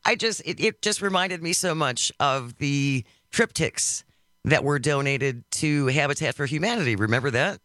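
Radio host, man, bright higher voice, friendly rambling chat, dry studio sound. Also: expressive, normal speed, no echo. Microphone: studio microphone.

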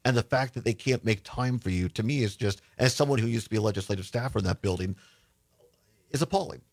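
Mann als Radio-Talkshow-Moderator im Interview. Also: male voice, medium pitch, fast talker. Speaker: radio talk show host.

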